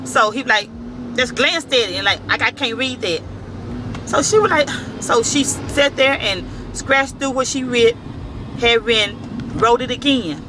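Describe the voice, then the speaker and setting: A man's voice: extremely high pitch, moderate pace, background noise. A man telling a story to the camera in casual, profane speech, acting out the dialogue. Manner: profane, animated, acts out dialogue. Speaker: vlogger.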